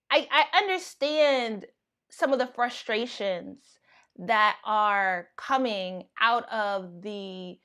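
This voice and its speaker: A young American woman giving casual livestream commentary, thinking out loud with lots of fillers and restarts. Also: a little high. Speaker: YouTube commentator.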